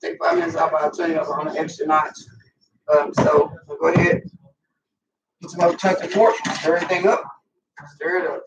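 Speaking straight to the camera from his home kitchen, this Southern cooking vlogger, a middle-aged man, swears his way through a casual cooking demo. His voice sits on the high side, creaky and level in tone, moving fairly quickly but with many pauses. The recording sounds roomy and dull, taken from a distant mic, with faint background noise.

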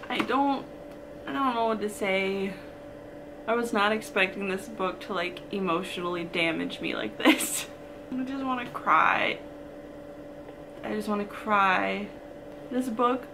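A woman's voice: medium pitch, background noise. A young woman talking casually in a reading vlog, emotional and rambling, full of "like" and nervous laughs. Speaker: book vlogger.

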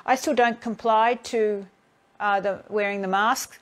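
Animated woman telling stories in a live stream. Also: mid-range voice, unhurried. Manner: animated storyteller who acts out both sides of encounters. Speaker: healing therapist hosting a live stream. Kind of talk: casual spiritual talk.

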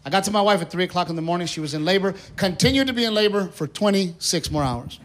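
A high-voiced, fast-talking stand-up comedian tells stories in an animated way, acting out quoted voices during his set. It's a live recording from a comedy theater stage, with crowd noise, audience laughter and applause.

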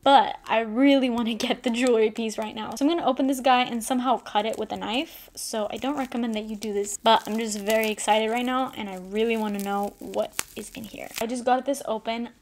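A young woman in a casual unboxing vlog, gushing and excited, with lots of "like" fillers. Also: on the high side, fairly quick, hardly any pauses, a little hiss or hum. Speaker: beauty vlogger.

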